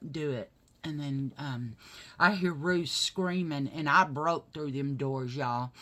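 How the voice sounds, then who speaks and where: Low-voiced woman telling a story. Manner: chatty storytelling, rising to heated retelling. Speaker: vlogger. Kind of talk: casual chat while doing makeup.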